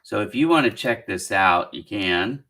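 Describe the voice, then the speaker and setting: A man's voice: on the low side, animated, moderate pace, bright, forceful tone. A middle-aged man from Southern California, hosting a casual live-stream Q&A as a career coach, chatty and encouraging while he reads out viewer comments.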